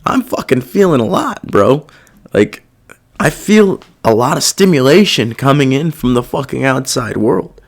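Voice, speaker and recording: Young adult male podcast host, casual confessional monologue, profane and rambling, animated pitch. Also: unhurried, vocal fry. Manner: profane, rambling, self-reflective.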